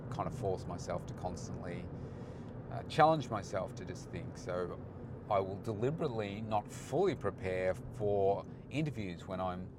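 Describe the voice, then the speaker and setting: Deep-voiced man vlogging from his car. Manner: relaxed, rambling, with frequent fillers and restarts. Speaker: podcast host and coach. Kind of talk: casual vlog monologue while driving. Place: in a car, driving on city roads. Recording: loud road and engine noise.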